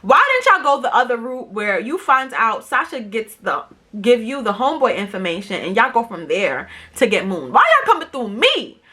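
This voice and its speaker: A woman's voice: a little high, very animated, moderate pace, bright, forceful tone, breathy edge. A young woman telling a storytime vlog in a casual, slangy, emphatic way, acting out quotes and swearing for emphasis. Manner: profane, emphatic asides. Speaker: vlogger.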